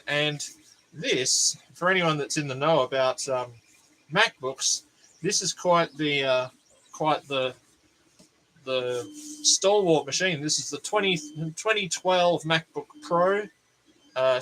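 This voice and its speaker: A man's voice: a little high, sharp tone, a little hiss or hum, low-quality recording. An Australian man chatting casually as a vlog host, rambling and joking at his own expense. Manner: joking, self-deprecating, rambling asides. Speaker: channel host.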